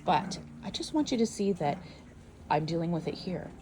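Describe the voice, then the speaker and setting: A woman trainer giving casual, calm and encouraging instruction on raising puppies. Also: on the low side, normal speed. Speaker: puppy trainer. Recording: steady background noise.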